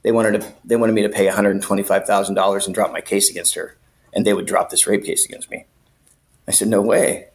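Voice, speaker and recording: Man, guest storyteller, low pitch, casual, profane, lively. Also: fast. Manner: animated, profane, acts out voices.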